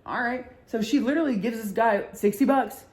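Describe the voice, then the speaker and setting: A woman's voice: fairly high pitch, brisk, a little mellow. Young woman podcaster rambling thru a story, cussing a lot, says like constantly. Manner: chatty and profane, many filler likes. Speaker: podcast host. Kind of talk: casual storytelling chat.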